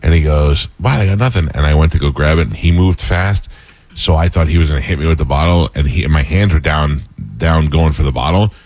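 A man hosting a casual talk show, telling animated stories with laughter. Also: extremely low pitch, a little fast, dry recording. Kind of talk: casual storytelling chat.

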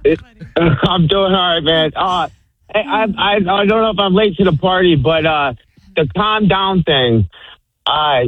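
A man's voice: a little high, no echo. A man calling into a radio show, hesitant and stammering as he tells his story. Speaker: caller. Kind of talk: casual phone call to a radio show. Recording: tinny phone line.

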